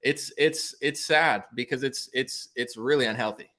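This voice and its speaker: A man's voice: medium pitch, normal speed, sharp tone. A man appearing as a podcast guest over a call, rambling in casual chat with many filler words. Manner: rambling, lots of filler likes.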